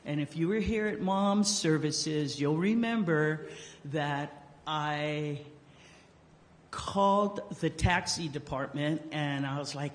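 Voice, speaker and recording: Slow-talking man. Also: fairly high pitch. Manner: joking, animated storyteller who acts out quotes. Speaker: eulogy speaker. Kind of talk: eulogy told as casual storytelling. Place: memorial service hall. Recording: long hall reverb.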